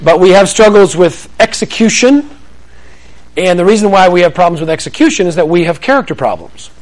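A high-voiced man preaching on parenting to a live crowd. He speaks in a conversational, animated way, often slipping into little acted-out scenes. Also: fairly quick. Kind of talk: sermon-style teaching to a live audience.

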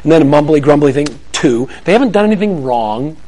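Animated man giving a parenting talk. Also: a little high, fairly quick, low-quality recording. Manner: animated storytelling, acts out family dialogue; humorous, self-deprecating asides. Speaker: parenting speaker. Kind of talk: Christian parenting talk to a live audience. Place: room with an audience.

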